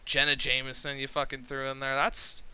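A young man streaming a game, reading its text aloud and gushing with excitement, swearing freely and rambling. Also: mid-range voice, normal speed, smooth, poor audio.

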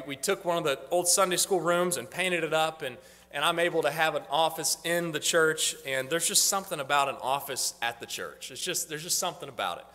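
Speaking in the church sanctuary, this northern US pastor shares ministry updates in a loose, rambling, informal way, often restarting his sentences. His high, sharply bright voice rings with the hall's long reverb as he addresses the congregation.

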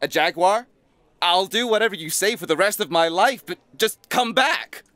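A man's voice: on the low side, moderate pace, dry recording, natural voice. An actor playing a desperate man who bargains and pleads, in an audio drama. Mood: desperate pleading. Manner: persuasive, then pleading.

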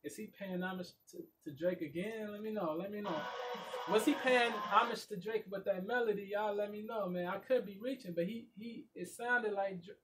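A man giving excited, slangy reaction commentary, repeating song lyrics aloud. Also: high-pitched, moderate pace, recorded from a distance. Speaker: music reaction YouTuber. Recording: loud song playing behind voice. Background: loud music.

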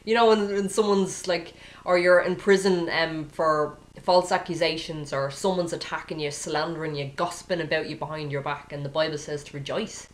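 Earnest low-voiced woman preaching. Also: fairly even intonation, moderate pace, few pauses, reverberant. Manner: earnest, exhorting, repeats phrases for emphasis. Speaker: Christian speaker. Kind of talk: informal sermon.

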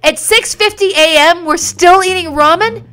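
A woman streaming a video game live, reacting excitably with yelps and exclamations. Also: extremely high pitch, normal speed. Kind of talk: live gameplay commentary. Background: faint game music.

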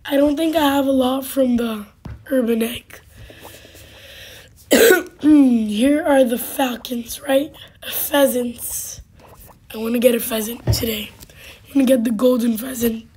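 A woman with a hoarse voice hosting casual gameplay commentary, halting and full of fillers, now and then dropping to a whisper. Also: on the high side, steady tone, darkish tone. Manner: halting, with many fillers and sudden drops to a whisper. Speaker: gaming channel host.

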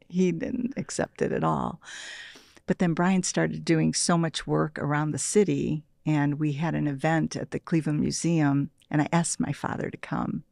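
Interviewed as a meditation practitioner, a woman in her sixties with a deep, gravelly voice reflects quietly on her life stories, frequently dropping almost to a whisper and giving light laughs. The sound is close and dry.

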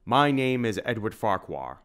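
A big, growling shopkeeper speaks in stiff, old-world phrases, as a man reading an audiobook puts him on. The voice sits low, with a rough, bear-like gruffness. He is raised and loud. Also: sing-song, moderate pace. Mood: gruff. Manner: formal, old-fashioned phrasing.

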